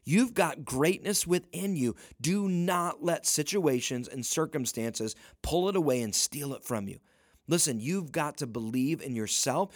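A man's voice: a little high, animated, unhurried, dry recording, studio quality. A man giving a motivational talk as a leadership coach, emphatic, often saying "listen" and pushing his voice up at the peaks. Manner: emphatic, repeats "listen", rising to near-shouting peaks.

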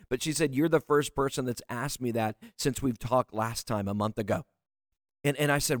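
A man's voice: medium pitch, fairly quick, no echo, clean studio sound. A man who works as a leadership coach, giving a motivational talk straight to leaders in an earnest, direct way. He often stumbles and repeats words as he presses a point.

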